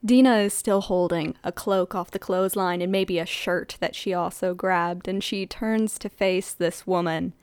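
A woman's voice: fairly low pitch, steady tone, moderate pace, hardly any pauses, darkish tone, clear, resonant tone, no echo. Playful woman player, dry close sound. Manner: playful, laughs often. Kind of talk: casual tabletop play.

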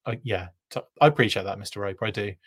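A man's voice: fairly low pitch, fast talker, a bit bright, slightly rough. A man hosting a live stream, reading chat comments aloud in a casual, self-deprecating way with frequent laughs.

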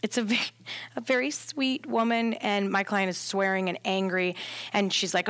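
Animated woman telling a story. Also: fairly high pitch, fast talker, no echo. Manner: animated, acts out quotes with laughs. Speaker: doula, podcast guest. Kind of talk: casual storytelling.

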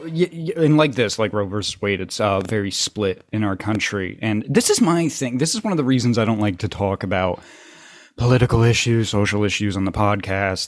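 A man's voice: lowish voice, dry recording, clean studio sound. Man, podcast host, easygoing, rambling, casual chat. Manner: easygoing, thinks out loud with many fillers.

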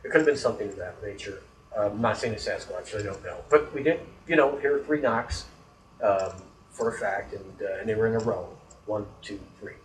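A man's voice: fairly low pitch, brisk, reverberant, distant mic, slight background noise, low-quality recording. A man telling a story in casual chat, rambling and swearing, getting worked up when annoyed.

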